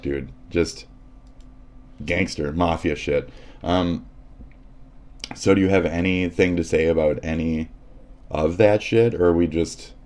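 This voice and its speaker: A man's voice: very deep voice, a little mellow. A man hosting a livestream, ranting in a sarcastic, profane and combative way as he comments on news clips. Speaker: livestream host.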